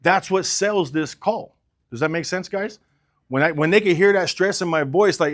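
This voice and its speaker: A man's voice: sits high, normal speed. A man coaching car salespeople, talking with energy and urgency and acting out sales calls. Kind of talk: sales training talk.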